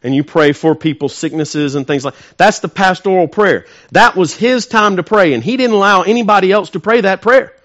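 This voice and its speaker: A male pastor preaching a sermon, swinging from loud emphatic peaks to quiet, intimate asides and asking his congregation questions. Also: high voice, a little fast, few pauses, lo-fi sound.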